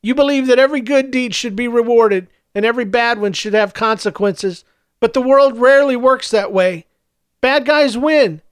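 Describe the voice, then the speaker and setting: A man voicing a kind older woman whose voice is gravelly, speaking gently. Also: very high voice, normal speed, dry recording. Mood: consoling. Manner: gentle, consoling.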